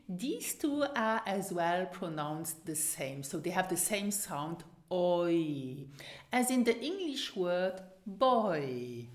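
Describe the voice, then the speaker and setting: A woman whose first language is Luxembourgish teaches pronunciation, saying each word slowly and repeating it for the listener to copy. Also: on the low side, reverberant. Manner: slow, deliberate, repeats words for practice. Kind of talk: pronunciation lesson.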